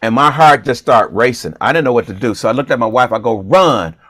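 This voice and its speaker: A man's voice: medium pitch, fast, no echo, clean studio sound. A man co-hosting a talk show, telling a funny story in a casual, playful way and acting out the dialogue. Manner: animated, playful, acts out dialogue. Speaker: comedian and show co-host.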